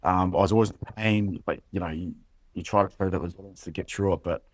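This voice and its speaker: A New Zealand man in his late thirties, a former rugby player, talking casually as a podcast guest, halting and calling the host "bro". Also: low-pitched, dry recording. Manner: halting, many fillers and restarts, says "bro" often. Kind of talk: casual conversational interview.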